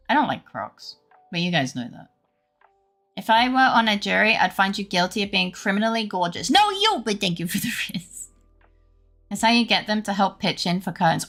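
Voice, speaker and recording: A woman's voice: medium pitch, gravelly, pushed and bright. A woman streamer chatting casually with her viewers, rambling and laughing often.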